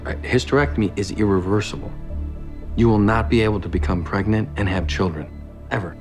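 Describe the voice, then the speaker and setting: A deep-voiced, smooth-talking doctor, played by a man in a TV drama, quick and placating. He talks fast and calm. Faint music plays beneath. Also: lightly acted. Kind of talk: TV drama acting.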